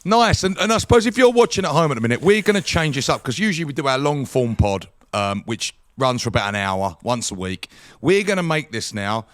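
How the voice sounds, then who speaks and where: A man's voice: mid-range voice, big pitch swings, a little fast, no room sound, clean studio sound. A man co-hosting a football podcast in casual, eager chat. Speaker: podcast co-host.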